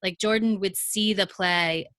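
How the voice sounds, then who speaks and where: Bright-voiced chatty woman host. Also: mid-range voice, steady tone, measured pace, dry recording. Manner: chatty, rambling, many fillers and restarts, laughs. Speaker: podcast host and coach. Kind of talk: casual podcast interview.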